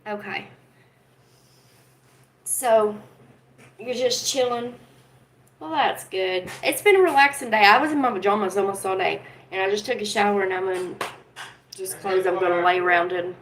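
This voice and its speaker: A woman's voice: medium pitch, normal speed, pauses often, fairly bright tone, a little hiss or hum, rough recording. A woman hosting a casual livestream from home, talking earnestly and with feeling to her chat viewers. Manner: earnest, emotional, talks straight to chat viewers. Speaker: livestream host.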